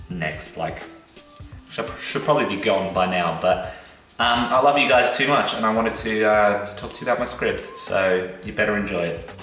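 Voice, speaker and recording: A young man rambling through a jokey, self-deprecating vlog in a bright, forward voice. He sits far from the mic in a very echoey room, with faint music under him. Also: mid-range voice. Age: young adult. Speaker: vlogger. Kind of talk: casual comedic vlog.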